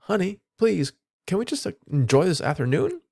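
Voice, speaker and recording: A man voicing a calm young woman, pitched a little above his own voice, sounding lightly exasperated. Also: normal speed, gravelly, exaggerated voice. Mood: pleading.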